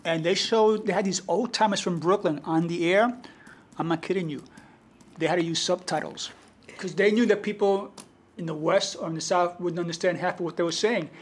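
A man from the Bronx with a New York accent, a guest poet telling stories in an unhurried, reflective way during an interview. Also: high-pitched, fairly even intonation, breathy edge. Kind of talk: conversational interview storytelling.

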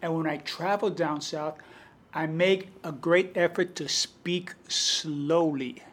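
A man from the Bronx with a New York accent, a guest poet telling stories in an unhurried, reflective way during an interview. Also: a little high, fairly even intonation, fairly bright tone, breathy edge. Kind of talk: conversational interview storytelling.

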